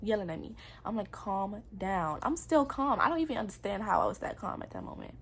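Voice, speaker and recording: A woman's voice: a little high, sing-song, fast talker, gravelly, fairly bright tone, slight background noise. A young adult woman telling her own story in a personal vlog, candid and earnest, with casual slang. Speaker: vlogger.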